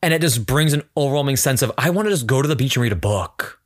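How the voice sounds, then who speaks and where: A man's voice: medium pitch, animated, quick pace, dry recording, studio quality. A man hosting a podcast in casual chat, talking candidly and emotionally, holding back tears. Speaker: podcast host. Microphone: studio microphone.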